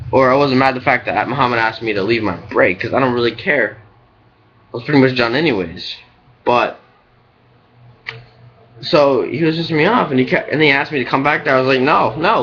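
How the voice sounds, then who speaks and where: A man's voice: mid-range voice, a bit bright. Young man venting on dull webcam audio. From United States. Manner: rambling, frustrated, heavy on "like" and "you know". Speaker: restaurant cook. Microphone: webcam mic.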